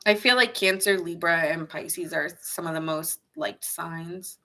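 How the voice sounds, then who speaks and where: Bright-voiced woman chatting through a tarot reading. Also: lowish voice, unhurried. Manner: casual, chatty, reacts to viewers' comments; laughs often, muses aloud. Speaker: tarot reader. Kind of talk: live tarot reading chat.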